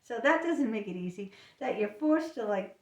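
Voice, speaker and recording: A woman's voice: fairly high pitch, animated, moderate pace, far from the mic. Chatty woman in an echoey room. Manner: chatty, lots of fillers, acts out little voices. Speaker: talker sharing personal experience. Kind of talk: casual personal chat. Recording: echoey room, speaker away from the mic.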